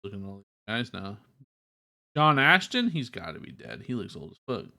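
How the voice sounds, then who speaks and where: A man's voice: fairly low pitch, wildly swooping pitch, moderate pace, creaky, sharp tone. A man co-hosting a podcast in casual chat, easygoing and swearing casually. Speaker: podcast co-host.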